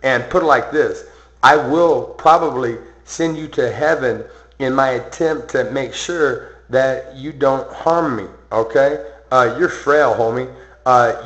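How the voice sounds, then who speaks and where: A man's voice: mid-range voice, a bit bright, echoey room, highs cut off. A man delivering a rambling, boastful, threatening rant to the camera, filled with "um" and "okay". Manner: boastful, confrontational, full of ums and okays. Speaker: vlogger.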